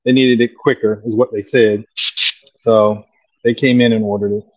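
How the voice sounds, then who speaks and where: A man working as an airbrush artist, explaining a design slowly and casually while he paints, with many pauses and ums. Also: lowish voice, flat delivery, no room sound, lo-fi sound. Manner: slow, easygoing, lots of ums.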